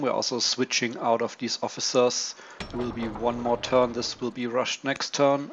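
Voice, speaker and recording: A man giving casual, low-key commentary on his turn in a strategy game, thinking aloud with many pauses and ums. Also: vocal fry. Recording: dull lo-fi mic with faint hiss.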